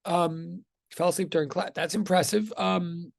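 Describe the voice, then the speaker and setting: Rambling male physics teacher on a video call, gravelly, dry close sound. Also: high voice, steady tone, normal speed, dry recording. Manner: rambling, self-interrupting, chatty. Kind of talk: casual online class intro.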